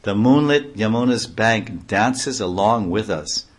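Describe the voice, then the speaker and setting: A man's voice: on the low side, expressive, unhurried. A man voicing Krishna, a joyful young divine dancer. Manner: sings lines in a lilting, playful tone.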